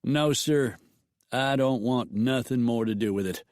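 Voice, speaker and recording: A man voicing a wounded, frightened male gunman who speaks in rough, folksy grammar with his voice raised a little. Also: medium pitch, a little slow, a little mellow, no echo, clean studio sound, voice pushed up, natural voice. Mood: pleading.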